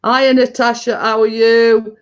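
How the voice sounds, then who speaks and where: A woman's voice: fairly high pitch, level tone, a little slow, clear, resonant tone, dull audio. Chatty woman, laughing often. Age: middle-aged. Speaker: live stream host reading chat. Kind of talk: casual chat to viewers.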